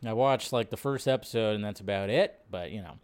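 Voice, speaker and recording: A man's voice: fairly low pitch, a little fast, smooth. A man hosting a casual livestream, chatting with viewers and reading their messages aloud. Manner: chatty, greets viewers and reads chat aloud; talks to himself while fixing his setup. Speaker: livestream host. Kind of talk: casual live-stream chat.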